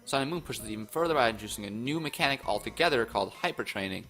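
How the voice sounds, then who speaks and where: A young man casually commenting on game news, rambling and excitable, often restarting his sentences into his own microphone. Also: fairly low pitch, fast, faint music behind. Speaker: gaming YouTuber. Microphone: own desk microphone.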